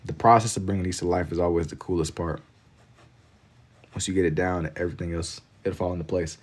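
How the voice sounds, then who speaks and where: Laid-back Southern man, lowish voice. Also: fairly even intonation, fairly quick, a little mellow. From Kentucky. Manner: laid-back, rambling, heavy on filler "like". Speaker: live-stream artist. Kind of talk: casual live-stream chat while drawing.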